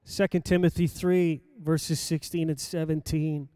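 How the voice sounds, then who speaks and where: An older man preaching, telling a personal story in a lively anecdotal way with acted-out quotes. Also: a little high, a little slow, clear, resonant tone, no room sound, clean studio sound. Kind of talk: sermon storytelling.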